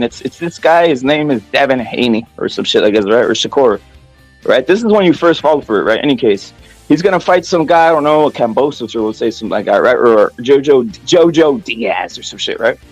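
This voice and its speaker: A man's voice: medium pitch, lively intonation, brisk, no room sound, soft background music. A man hosting a casual boxing rant, profane, repetitive and heated. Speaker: boxing commentary channel host.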